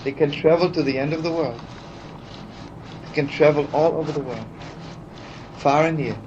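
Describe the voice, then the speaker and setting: A rabbi teaches through a heartfelt, chatty storytelling sermon full of "you know" asides. His voice is on the high side and moves at a moderate pace, heard on a dull archival recording with faint hiss.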